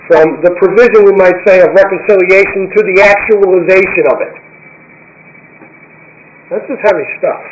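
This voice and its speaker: Emphatic high-voiced preacher, lo-fi sound. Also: male voice, a little hiss or hum. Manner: emphatic, repeats key phrases, slows for scripture. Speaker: pastor. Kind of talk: sermon.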